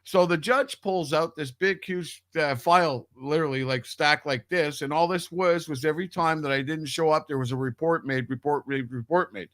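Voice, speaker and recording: A man's voice: fairly high pitch, normal speed, few pauses, fairly bright tone, dry recording. A man telling a long personal story in casual radio chat, rambling with restarts and swearing freely. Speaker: radio show guest.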